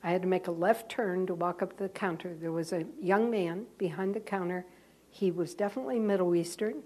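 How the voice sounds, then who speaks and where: A woman who is a Catholic nun, giving a talk to fellow sisters and telling a story in a lively, self-mocking way. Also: lowish voice, fairly quick. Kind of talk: storytelling sermon.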